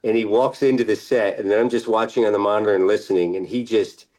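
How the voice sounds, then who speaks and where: The poorly recorded voice of a middle-aged actor, low-ish and quick, comes from a casual interview. He's at ease, laughs a lot, and now and then drifts off mid-sentence.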